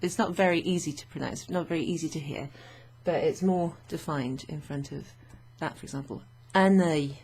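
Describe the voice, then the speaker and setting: A woman's voice: sits low, brisk, few pauses, a little mellow, breathy edge. A woman teaching French vocabulary to learners, chatty and thinking aloud with fillers and frequent little laughs.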